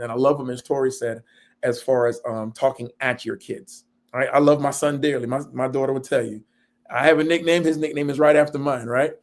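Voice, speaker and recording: A man's voice: medium pitch, steady tone, fairly quick. Earnest, self-deprecating man in discussion. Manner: earnest and self-deprecating, laughs while telling stories. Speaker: panel guest. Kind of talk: candid panel discussion.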